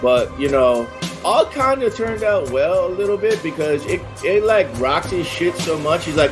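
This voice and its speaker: A man recapping a tabletop game session in slangy bro-speak, swearing constantly and filling every pause with "like". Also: on the high side, sing-song, faint music behind. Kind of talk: casual in-character session recap.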